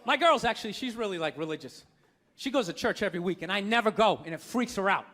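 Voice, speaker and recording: A man's voice: high voice, animated, fast talker, sharp tone, a faint crowd. A man doing stand-up comedy, ranting in a profane, incredulous way. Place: stage before a live audience.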